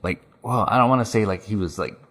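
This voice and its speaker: A young man with a low voice trades blunt, slangy talk as a podcast co-host. He swears freely and calls his partner "dog" and "dude" in relaxed back-and-forth. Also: fast talker. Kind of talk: casual chat.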